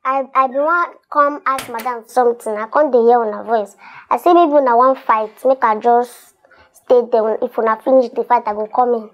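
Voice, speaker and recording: An actress playing a timid young house maid who speaks with a Nigerian Pidgin accent, hesitant and deferential. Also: female voice, fairly high pitch, moderate pace, natural voice. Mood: nervous.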